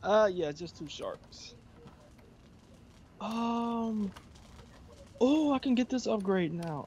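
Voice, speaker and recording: A man's voice: high voice, expressive, takes it slowly, pauses often, a little mellow, a little hiss or hum. A man playing a game with a friend, playful and teasing, humming little tunes as he goes. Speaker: gaming guest. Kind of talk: casual game chat.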